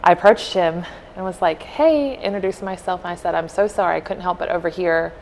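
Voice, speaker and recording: A woman with a slightly low voice tells a story on a podcast in an earnest, heartfelt way. Her tone stays casual and she softly acts out what people said. Faint ambience sits behind her. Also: a little fast, slight background noise, low-quality recording. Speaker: podcast co-host.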